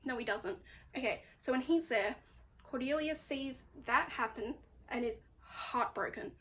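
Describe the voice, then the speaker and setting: A woman's voice: a little high, expressive, moderate pace, a bit bright. A woman giving a casual, chatty recap of a book, telling it dramatically and exasperatedly with lots of "like". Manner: chatty, full of "like". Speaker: book vlogger.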